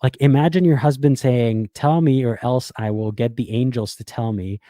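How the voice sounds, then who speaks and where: Blunt and sarcastic, this man reacts to videos as a YouTube commentator, cursing freely and restarting phrases while thinking out loud. He speaks at a normal speed in a mid-range, mellow voice, captured as clean studio audio without echo.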